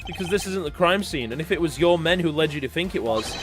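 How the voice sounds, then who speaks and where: A British man with an English accent voicing a composed male prosecutor who lays out his reasoning in a measured way. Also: fairly high pitch, animated, noisy background, close to an everyday voice. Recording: game music playing behind.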